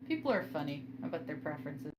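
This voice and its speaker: A woman's voice: low voice, big pitch swings, quick pace, slight background noise, low-quality recording. A woman hosting a live stream, chatting casually and wryly, laughing easily while she works. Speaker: stream host. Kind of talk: casual chat. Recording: stream audio with music.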